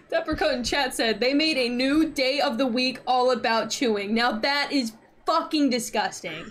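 A woman's voice: sits high, normal speed, a bit bright. A woman hosting a live stream, chatting with a guest in a playful, mock-dramatic way and laughing often. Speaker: streamer host. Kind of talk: casual stream chat with a guest.

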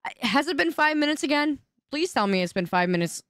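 Woman, streamer, casual live-stream chat, whiny, indignant, very animated pitch. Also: a little fast, no echo, clean studio sound.

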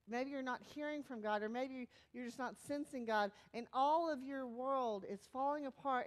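A woman pastor giving a sermon in a conversational, animated way, sometimes dropping to a hushed, soft tone. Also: sits high, normal speed, hardly any pauses.

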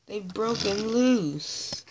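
A woman's voice: medium pitch, lively intonation, drawn-out words, a little mellow, a little hiss or hum, pitched above the performer's own voice, low-quality recording. A woman voicing a young, worried little male tank engine who swings between doubt and boasting.

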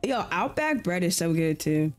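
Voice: mid-range voice, very animated, moderate pace, faint music behind. Laid-back chatty gaming streamer. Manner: laid-back, chatty, repeats slang phrases. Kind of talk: casual live-stream chat while gaming.

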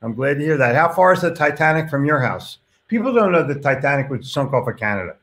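A man's voice: a little high, big pitch swings, quick pace, a bit bright. Blunt, chatty male host. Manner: blunt, with casual swearing; reads comments aloud and reacts to them. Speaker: host reading viewer comments. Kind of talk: casual live-stream chat.

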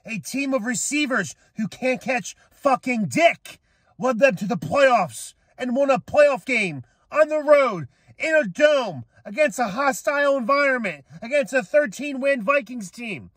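A young man ranting angrily as a sports fan, swearing and shouting at critics. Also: very high voice, animated, measured pace, dry recording. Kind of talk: profane rant to camera.

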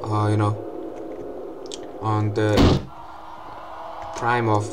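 A young man giving excitable gameplay commentary, swearing often and breaking into loud outbursts and laughs. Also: lowish voice, drawn-out words, noisy background.

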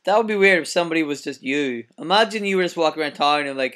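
A young man with a Northern Irish accent, co-hosting a podcast in playful, joking banter with deadpan asides. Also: on the high side, fast, few pauses. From Northern Ireland. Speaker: podcast co-host.

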